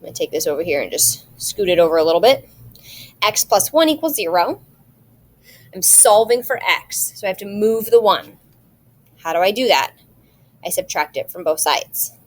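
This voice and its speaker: A woman's voice: fairly low pitch, expressive, normal speed, pauses often. A woman math teacher recording a video lesson, explaining each step patiently and checking in with rhetorical questions.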